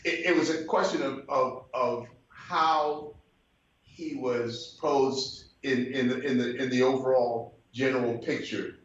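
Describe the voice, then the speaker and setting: A man's voice: medium pitch, steady tone, a little slow. An older man from Brooklyn, New York, who is a guest telling a story in a conversation and often mimics other people's voices. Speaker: guest musician. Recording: slightly muffled, roomy recording.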